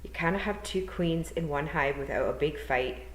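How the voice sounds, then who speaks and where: A woman voicing a tiny, shrewd, dying old pixie clan mother who speaks slowly and weakly in a put-on Scottish accent. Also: deep voice, lightly acted. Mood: commanding. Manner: slow, weak, murmuring. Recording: roomy echo.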